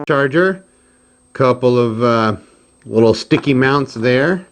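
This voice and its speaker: Over music, a woodworking channel host talks slowly at medium pitch with lively intonation, casually chatting through an unboxing and describing what he's doing. He's easily amused and self-narrating, recorded noisily on a phone camera.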